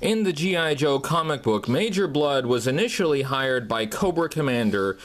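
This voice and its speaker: A man narrating a toy review in a measured, earnest way. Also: medium pitch, expressive.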